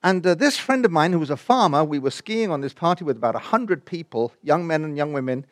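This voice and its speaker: An older man delivers a personal testimony from the pulpit, his voice sitting a little high and swinging widely in pitch. He tells the story with lively energy, acting out the dialogue and sinking at times nearly to a whisper. The sound is dry and close, with little room echo. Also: brisk. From England. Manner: animated storyteller who acts out dialogue and drops to near-whispers. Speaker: preacher.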